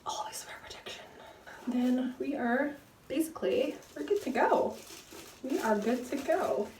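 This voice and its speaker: A woman's voice: high-pitched, animated, a little slow, darkish tone, a little hiss or hum. A young woman in her twenties chatting casually and rambling with lots of fillers while she dyes her hair at home. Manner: rambling, chatty, full of fillers, laughs at herself. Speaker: book vlogger. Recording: roomy echo, slightly distant.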